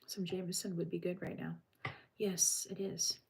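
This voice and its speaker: A woman's voice: on the low side, flat delivery, normal speed, vocal fry, darkish tone, a little hiss or hum. Chatty woman reading crime news. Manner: reads news aloud, breaks off to chat with live chat. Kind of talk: casual livestream chat.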